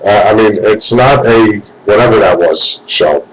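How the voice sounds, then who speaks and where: A man's voice: on the low side, unhurried, a little hiss or hum, rough recording. A man in his forties hosting a radio call-in show, talking in a rambling, meandering way. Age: 40s. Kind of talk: casual call-in talk.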